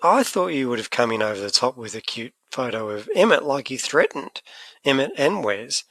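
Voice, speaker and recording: An Australian man co-hosting a podcast in casual, animated chat. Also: mid-range voice, normal speed, no echo. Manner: chatty, animated, laughs easily. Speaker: podcast co-host.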